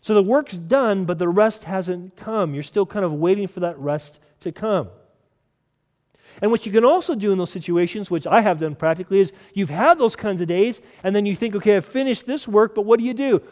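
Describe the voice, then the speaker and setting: A male pastor preaching a sermon in an earnest manner, repeating key phrases and dropping to soft emphasis. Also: high-pitched, normal speed, in a large hall.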